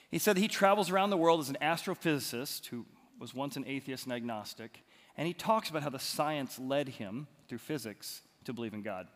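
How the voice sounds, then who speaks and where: A pastor preaches a sermon, telling stories in a conversational way and lifting his voice for emphasis. His voice sits a bit high for a man. The sound rings with a long reverb, as if it were recorded in a church sanctuary. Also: fairly bright tone.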